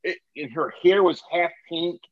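High-voiced man telling a profane story. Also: moderate pace. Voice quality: profane, animated, laughs while telling. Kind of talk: casual storytelling chat. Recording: slightly muffled recording.

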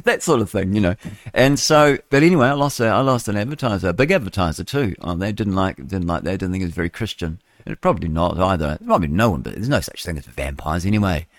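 Rambling older New radio host. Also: male voice, deep voice, lively intonation, fast, no room sound, studio quality. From New Zealand. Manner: chatty, digressive, chuckling asides. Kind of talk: rambling live news commentary.

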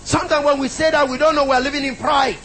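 A man's voice: extremely high pitch, steady tone, quick pace, a bit bright, a little hiss or hum, poor audio. A middle-aged man preaching a sermon, emphatic and repetitive, calling out to the congregation.

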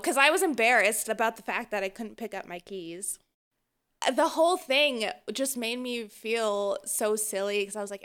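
A woman co-hosting a podcast, telling a story in casual chat, animated and often laughing as she acts out what people said. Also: on the high side, smooth. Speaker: podcast co-host.

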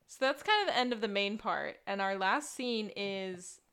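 A woman's voice: medium pitch, lively intonation, moderate pace, a bit bright, clean tone. A woman co-hosting a podcast, recapping a TV episode in casual chat and laughing often between remarks. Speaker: podcast co-host.

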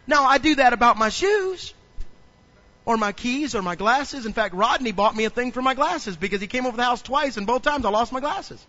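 A man pastor preaching a sermon, telling funny stories and building up to loud preaching. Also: extremely high pitch, expressive, a little fast, lo-fi sound. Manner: humorous storytelling, acts out little scenes.

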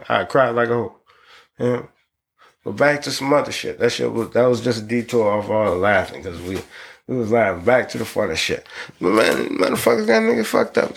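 A man, hosting a podcast in profane, rambling casual chat that breaks into loud excited laughter. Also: mid-range voice, vocal fry. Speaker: podcast host.

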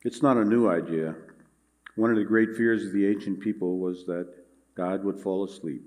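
Low-voiced man preaching a sermon. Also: steady tone, a little mellow. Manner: measured, earnest preaching with scripture reading. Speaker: pastor.

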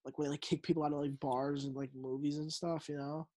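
A man's voice: fairly high pitch, flat delivery, fast, a little mellow. A young man telling a story in casual chat, rambling with lots of fillers. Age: young adult. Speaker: storyteller friend.

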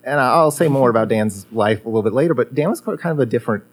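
A man's voice: mid-range voice, lively intonation, racing. A man, a former guitar teacher, reminiscing in casual conversation, rambling with many fillers and restarts.

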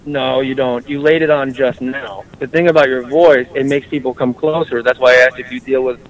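A man's voice: medium pitch, steady tone, brisk, low-quality recording. A man hosting a comedic call-in talk show, brash and joking, swearing freely and rambling. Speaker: host.

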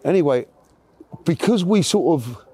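Guy rambling through an old story, chatty, keeps correcting himself, soft mellow voice. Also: on the high side, expressive, unhurried, slight background noise. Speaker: interview guest. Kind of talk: casual storytelling.

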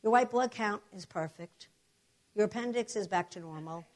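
A woman's voice: medium pitch, normal speed, lightly acted. Patronizing male surgeon, stern and bossy, voiced by a woman telling the story. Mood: baffled. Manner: bossy, condescending.

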